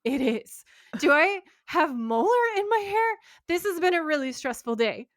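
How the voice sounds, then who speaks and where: A woman's voice: high-pitched, expressive, normal speed, pitched above the performer's own voice. A woman quoting a nervous, rattled man while recapping a TV episode.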